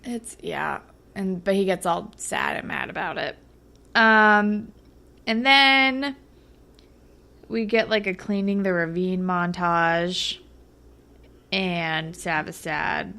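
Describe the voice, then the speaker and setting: Bright-voiced young woman recapping a show. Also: lowish voice, slow pace, gravelly, pauses often. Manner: animated, acts out characters' lines in exaggerated voices. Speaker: podcast co-host. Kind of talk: casual recap chat.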